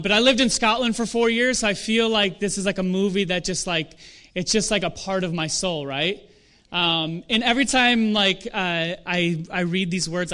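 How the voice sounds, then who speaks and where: A young adult man preaching a sermon in a conversational, animated way, with self-deprecating asides. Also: sits high, smooth. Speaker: pastor.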